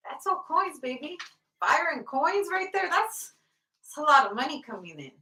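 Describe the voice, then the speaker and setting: A woman's voice: high-pitched, very animated, moderate pace, bright, forceful tone. A woman giving a casual tarot reading, blunt and profane, often breaking into laughter. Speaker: tarot reader. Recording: roomy sound from off the mic.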